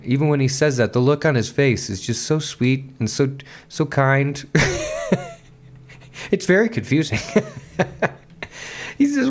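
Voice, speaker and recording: A man hosting a podcast, chatting loosely about a song with lots of swearing, restarts and quick laughs. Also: mid-range voice, expressive. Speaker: podcast host. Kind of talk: casual music commentary.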